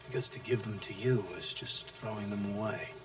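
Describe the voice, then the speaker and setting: An actor playing a brash, abusive male sales trainer who taunts his listeners, shouting one moment and dropping to low menace the next. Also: moderate pace, music in the background, lightly acted. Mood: contemptuous. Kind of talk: film acting.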